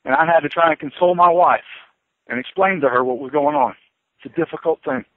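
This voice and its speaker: A police chief speaks earnestly, his feeling rising as he talks as a radio guest. His man's voice sits a little high. The sound is tinny and dry, like a phone line. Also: fast, dry recording. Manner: earnest, emotional, impassioned.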